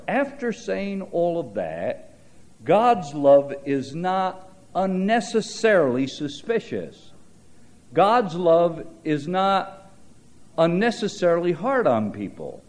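A male preacher delivering a sermon in a slightly higher than usual voice. He mixes scripture with folksy anecdotes and dry humor, slowing down and swelling in volume to stress a point. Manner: shifting pace and loudness for emphasis.

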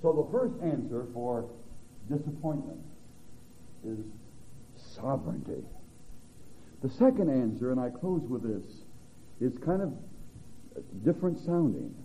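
A pastor preaching slowly, his voice rising high and sinking low. He swings from ringing emphasis to near hush, captured on a tinny, phone-like recording. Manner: preaching with dramatic swings from loud to hushed. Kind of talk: sermon.

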